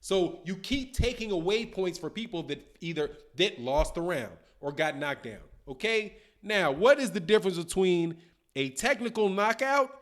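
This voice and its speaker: A man in his fifties hosting a boxing livestream, talking in slangy, animated casual commentary and answering viewer chat. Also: sits high, normal speed. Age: 50s. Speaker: boxing channel host.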